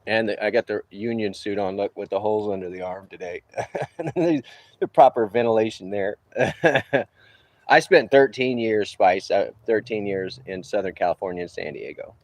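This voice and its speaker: Low-voiced guy in his 50s from new orleans, rambly easygoing livestream chat from a rooftop on break. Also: moderate pace, darkish tone. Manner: rambling, easygoing, chuckling asides. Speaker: livestreamer and roofer. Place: outdoors on a roof, on a break.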